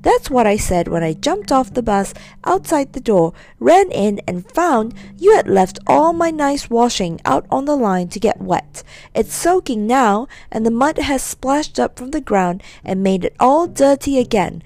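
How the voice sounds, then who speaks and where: A woman's voice: a little high, very animated, measured pace, darkish tone. A woman voicing an angry aunt who scolds her nephew in a nasty, sarcastic way. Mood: angry scolding. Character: cross scolding aunt, sharp-tongued woman.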